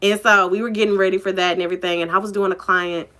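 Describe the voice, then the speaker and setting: A woman's voice: mid-range voice, steady tone, fast talker, bright, forceful tone. A woman telling a personal story in a casual vlog, chatty and candid, full of "like" and "you know".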